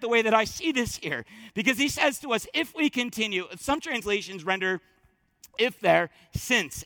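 A male pastor preaching a sermon in church, emphatic, swinging from loud declarations to hushed, near-whispered lines. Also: very high voice, no room sound, studio quality.

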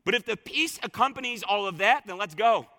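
A man's voice: sits high, expressive, brisk, bright, forceful tone, big-room sound. A man preaching a sermon as a pastor, fervent and colloquial, repeating lines for emphasis.

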